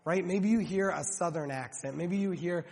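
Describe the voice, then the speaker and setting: A man's voice: sits high, moderate pace, creaky, a little mellow, breathy edge. A man preaching a sermon as pastor, speaking conversationally with frequent restarts and rhetorical questions. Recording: long hall reverb.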